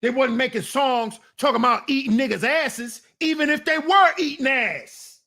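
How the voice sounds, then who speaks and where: High-voiced scolding man ranting. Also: normal speed, bright, forceful tone. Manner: blunt, scolding, talks back to viewers. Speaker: commentary channel host. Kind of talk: casual commentary rant.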